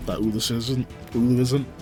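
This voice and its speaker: A man narrates a tabletop role-playing scene as game master, his delivery halting and full of fillers. His voice sits at an ordinary pitch, with soft background music under it. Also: fairly even intonation. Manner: halting, filler-heavy narration with many ums and likes.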